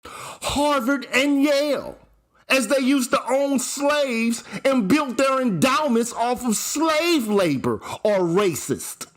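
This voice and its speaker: Fiery profane man ranting, lively high voice. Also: takes it slowly. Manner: fiery, profane, hammering repetition. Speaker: channel host. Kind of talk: ranting commentary vlog.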